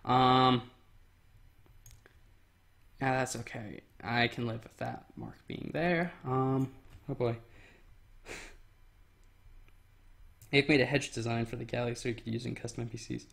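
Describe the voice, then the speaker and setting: A man's voice: medium pitch, fairly even intonation, unhurried, vocal fry, pauses often, a bit bright. A young man casually chatting on a livestream, reading chat aloud and rambling with frequent ums while he works.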